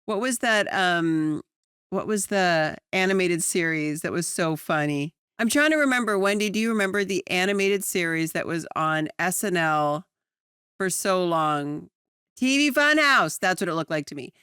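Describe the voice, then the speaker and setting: A woman co-hosting a podcast, chatting casually about a sitcom episode, animated and laughing often. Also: moderate pace, clear, resonant tone, dry recording, clean studio sound. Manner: animated, laughs often, jumps to high excited pitch. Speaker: podcast co-host.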